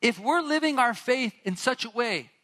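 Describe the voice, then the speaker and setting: A man preaching a sermon, retelling a Bible story with animated asides and acted-out lines from its characters. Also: very high voice, moderate pace. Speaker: pastor.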